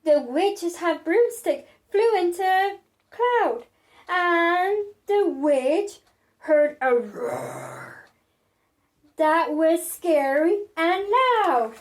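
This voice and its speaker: A woman reading a picture book aloud to children in an expressive, sing-song way. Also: very high-pitched, very slow. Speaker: children's storyteller.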